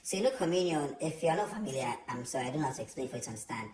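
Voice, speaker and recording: A young man telling a storytime vlog, chatty and animated, with many fillers. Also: mid-range voice, racing, a crowd in the background. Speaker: vlogger. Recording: roomy echo.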